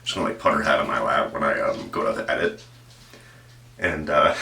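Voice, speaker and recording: A man's voice: very deep voice, unhurried, gravelly, long pauses, pushed and bright, far from the mic, slight background noise. A man hosting casual true-crime commentary, rambling and profane and often breaking off mid-sentence. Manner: meandering, profane, self-interrupting. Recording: echoey room, voice off-mic.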